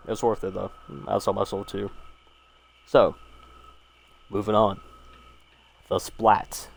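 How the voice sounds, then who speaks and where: A man's voice: fairly low pitch, creaky. A man casually reading short horror stories aloud and rambling about each one, with lots of fillers and swearing. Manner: rambling, laid-back, swears, frequent fillers.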